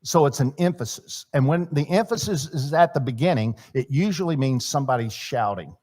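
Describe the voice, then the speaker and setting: A man teaching a church marriage seminar in a sermon style, swinging between loud emphasis and quiet asides and asking his audience questions. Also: mid-range voice, animated, brisk. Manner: chatty, asks the audience questions. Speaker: seminar speaker. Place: church hall.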